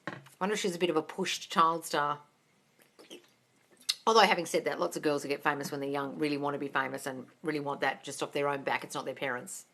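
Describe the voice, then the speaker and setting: A woman hosting a casual live Q&A as a manifestation coach, chatty and animated, swearing freely and laughing often. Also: on the low side. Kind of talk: casual live-stream chat.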